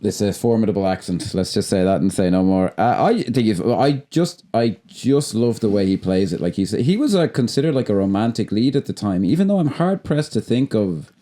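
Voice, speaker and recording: A man co-hosts a film podcast in a low, mellow voice. He rambles with enthusiasm, restarts his thoughts often and swears casually as he praises a performance. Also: animated, brisk, hardly any pauses. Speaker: podcast co-host.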